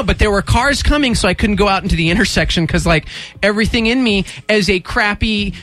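Young male radio host, high bright voice, lively storyteller who acts out quotes. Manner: animated, acts out voices in quotes, quick bursts. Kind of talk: casual storytelling chat.

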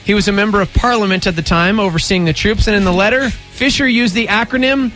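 A man's voice: high voice, quick pace, fairly bright tone, faint music behind. A man co-hosting a casual talk show, telling facts in a playful, teasing way. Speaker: co-host. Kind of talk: casual chat.

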